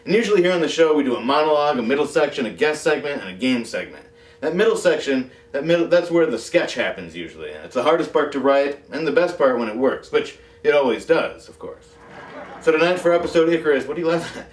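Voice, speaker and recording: A man's voice: fairly high pitch, lively intonation, fast talker, recorded from a distance. A man hosting a comedy show, delivering a monologue with dry, self-mocking asides. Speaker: talk show host. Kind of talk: comic monologue. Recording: roomy echo, off mic, faint music.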